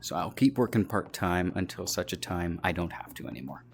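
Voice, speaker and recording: A man's voice: sits low, expressive, fairly quick, creaky, slight background noise. A man, an author, rambling and joking in casual commentary while he plays a VR game. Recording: game music behind.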